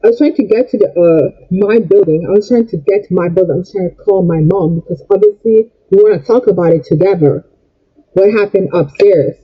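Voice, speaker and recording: A man's voice: high-pitched, breathy edge, muffled recording. A young man telling a storytime rant in an agitated way, repeating and stumbling over his words. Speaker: vlogger.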